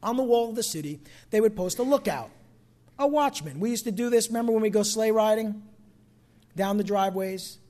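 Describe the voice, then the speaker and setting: High-voiced pastor from New Jersey. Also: male voice, brisk. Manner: conversational, shifts between soft asides and loud emphatic bursts. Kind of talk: sermon.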